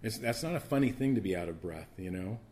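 Male pastor, lower register, conversational sermon with big swings in volume and stammered restarts. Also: animated, fast. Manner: swings from quiet, low asides to loud emphatic preaching.

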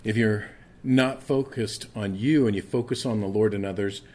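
A man with a low, darkish voice preaches a sermon with scripture reading, speaking at a moderate pace. Earnest and conversational, he often stumbles over repeated words as he restarts a thought.

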